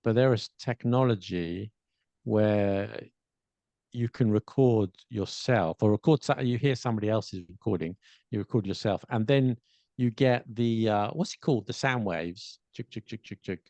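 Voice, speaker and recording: A man's voice: lowish voice, measured pace, mellow, dry recording, dull audio. A man co-hosting a podcast, explaining pronunciation tips in casual chat, thinking aloud with many restarts and demonstrating examples aloud. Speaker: podcast co-host.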